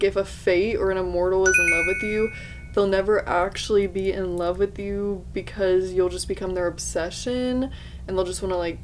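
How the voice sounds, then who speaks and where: A woman's voice: mid-range voice, darkish tone, slight background noise. A young woman chatting casually through a book review, exclamatory and full of 'like' as she talks.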